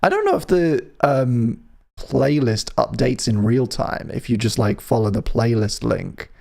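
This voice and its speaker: A man's voice: mid-range voice, sing-song, a little slow, vocal fry, darkish tone. A man from the UK hosting a live music stream, chatting casually and playfully with his viewers in a rambling, teasing way. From United Kingdom.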